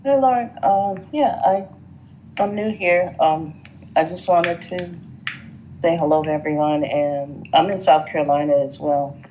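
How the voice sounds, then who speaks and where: A woman's voice: low-pitched, unhurried, dark tone, slight background noise, poor audio. A woman caller, new to the group, asking politely and hesitantly for a reading. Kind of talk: casual chat.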